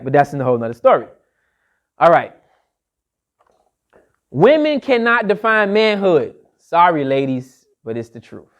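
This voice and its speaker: A man's voice: sits high, a bit bright, dull audio. A man lecturing to a live audience, emphatic and repeating his key phrases like a refrain. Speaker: speaker addressing an audience.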